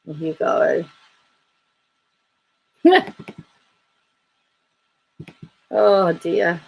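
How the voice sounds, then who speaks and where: Chatty woman vlogger, slightly low voice, reads viewer comments aloud with dry humor and frequent laughs. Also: steady tone, moderate pace, a little mellow, low-quality recording. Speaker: YouTube commentator.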